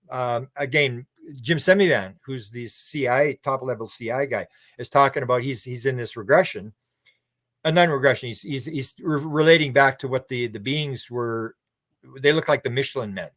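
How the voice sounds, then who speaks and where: A man's voice: medium pitch, normal speed, a bit bright, no room sound, studio quality. A man who is a guest on a podcast. He tells stories in a rambling, casual way, restarts his words and acts out what other people said. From Canada. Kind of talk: casual conversational storytelling.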